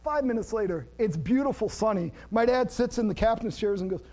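High-voiced pastor telling a story. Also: male voice, brisk. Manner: animated, self-deprecating storyteller who laughs at himself; shifts to plain teaching about scripture. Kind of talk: sermon with personal storytelling.

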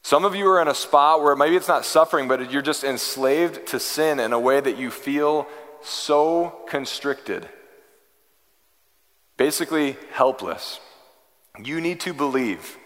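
A man preaching a sermon as pastor, earnest and pleading, moving from hushed, slow lines to emphatic, rising ones. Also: on the high side. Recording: reverberant hall.

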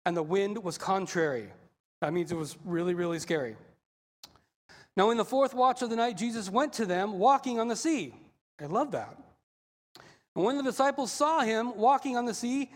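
A male pastor preaching a sermon, animated and acting out the voices in the story. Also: sits high. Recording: long hall reverb.

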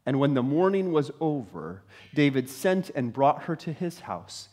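A man preaching a sermon, telling a story dramatically and swinging from loud to hushed. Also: fairly high pitch, very animated, a little slow. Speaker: pastor.

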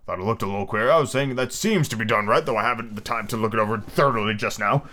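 A man's voice: fairly low pitch, fast, bright, forceful tone. A man voicing a pompous, touchy male egg-shaped creature who talks down with scornful growls in an amateur podcast book reading. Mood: haughty.

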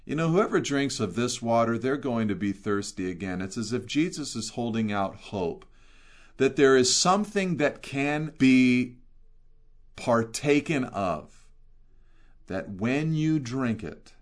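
A man delivers an earnest verse-by-verse sermon in a mid-range voice. He reads scripture, then retells it in plain speech. He slows down and gets louder to stress his key points. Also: mid-range voice, expressive. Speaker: pastor. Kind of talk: expository sermon.

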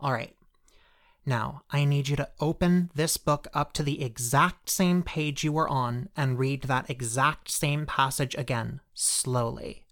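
A woman playing a calm, firm guide who talks a frightened friend through casting out a ghost, in steady, reassuring tones. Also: a bass voice, measured pace. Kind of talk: audio drama acting.

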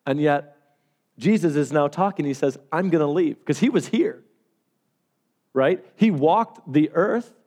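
A man preaching a sermon as pastor, telling stories with animated swings between loud and hushed delivery. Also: a little high, unhurried, pauses often.

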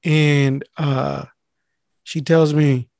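A man's voice: a little high, extremely slow, vocal fry, dry recording, clean studio sound. A man telling a story in casual chat, swearing freely and acting out the voices of the people in it. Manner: profane, animated, acts out voices of people in his story. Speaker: mail carrier telling a story.

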